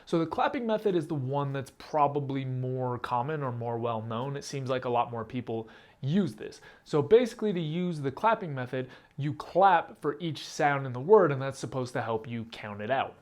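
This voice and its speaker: A man's voice: medium pitch, normal speed, darkish tone. A man hosting his own channel, explaining a rap technique step by step in a plain, direct, casual way. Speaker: rap teacher and channel host. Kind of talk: casual instructional talk to camera.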